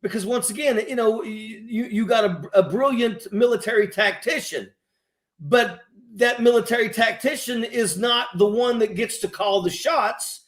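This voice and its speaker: A man co-hosting a casual chat, talking earnestly and stumbling over repeated phrases. His voice is high for a man. The recording has a roomy echo. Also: a little slow, fairly bright tone. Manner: earnest, hesitant, repeats himself.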